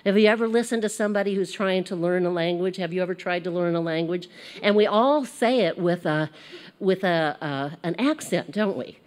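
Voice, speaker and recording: A woman's voice: on the low side, brisk. Chatty American woman teaching scripture. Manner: chatty, animated, laughs at herself. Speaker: Bible study teacher. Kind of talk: casual Bible lesson.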